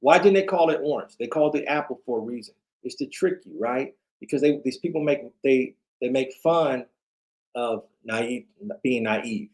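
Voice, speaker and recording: A man's voice: medium pitch, darkish tone. A tired man hosting a late-night livestream, ranting in a rambling, repetitive way and talking to his chat. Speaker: livestream host.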